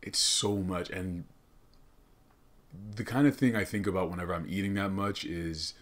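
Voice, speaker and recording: A man's voice: sits low, moderate pace. A man hosting a comedic podcast monologue, rambling, swearing a lot and laughing often. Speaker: podcast host. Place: studio.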